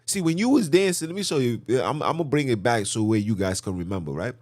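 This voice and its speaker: A man's voice: mid-range voice, expressive, fast, no echo, studio quality. A man hosting his own channel, giving impassioned political commentary in a preachy, repetitive, rhetorical way, with mocking asides. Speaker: channel host.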